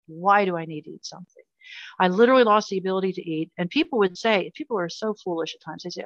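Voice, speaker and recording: A woman's voice: on the low side, quick pace, no room sound, dull audio. An older woman telling a painful personal story in an interview, earnest and emotional, often repeating herself. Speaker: guest.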